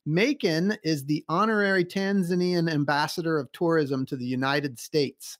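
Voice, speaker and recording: A man's voice: a little high, moderate pace. A man hosting a podcast interview, telling a story eagerly and acting out the voices of people he quotes. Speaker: podcast host.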